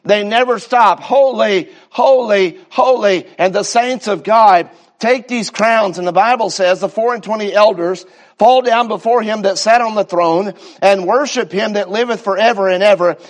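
A man preaching a sermon with fervor, drawing out his repetitions and stumbling into restarts. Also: high voice. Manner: fervent preaching, slow drawn-out repetitions, stammering restarts.

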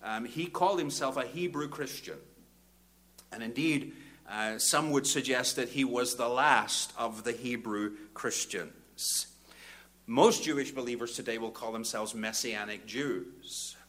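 Older preacher, bright-toned. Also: male voice, medium pitch, measured pace. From Northern Ireland. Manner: builds from quiet reflection to loud fervent exhortation. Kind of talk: sermon.

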